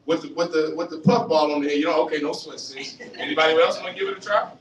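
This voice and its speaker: Animated man lecturing in an echoey hall. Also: on the high side, fast talker, a crowd in the background. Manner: animated, acts out voices, questions the audience. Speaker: religious lecturer. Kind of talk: fiery street-style lecture. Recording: roomy, distant mic, faint hiss.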